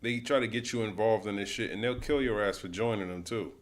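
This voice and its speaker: A man's voice: lowish voice, fairly quick, heavy background noise. A man hosting a livestream, giving loose, profane, casual commentary on videos he is watching. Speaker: livestream host.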